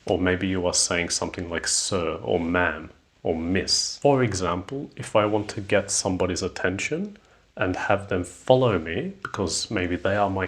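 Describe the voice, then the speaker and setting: Man, very low voice, English teacher, clear explanatory delivery. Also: fairly bright tone. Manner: slow, clear explanatory delivery with spoken examples. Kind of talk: scripted lesson narration.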